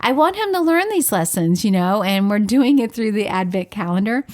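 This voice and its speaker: A woman's voice: mid-range voice, moderate pace. A woman co-hosting a podcast, telling stories in casual chat and acting out the conversations she recounts. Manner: animated storyteller acting out dialogue. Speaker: podcast co-host, parent.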